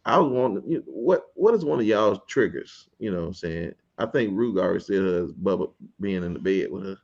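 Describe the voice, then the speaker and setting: Gravelly low-voiced male talk show host. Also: expressive, fairly quick, darkish tone, dull audio. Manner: laid-back, chuckling, steering the discussion. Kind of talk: casual panel talk show.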